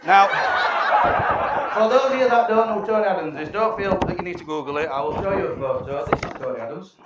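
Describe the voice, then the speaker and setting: A man's voice: high voice, fast. A man, giving a cheeky, playful wedding speech with some swearing. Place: wedding reception hall. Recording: echoey hall from far off, loud room noise.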